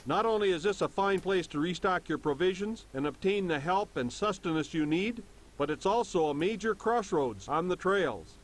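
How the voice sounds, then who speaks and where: A man's voice: sits high, animated, normal speed. An actor playing a welcoming frontier townsman in a game, speaking in a formal, informative way. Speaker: town greeter in a game.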